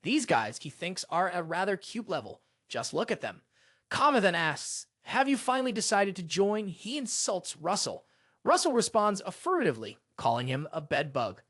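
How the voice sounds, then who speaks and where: A storyteller recapping a fantasy comic in steady scripted narration. The pitch moves freely up and down while the pace stays even. The sound is close and dry, with no room around it. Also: normal speed, no room sound.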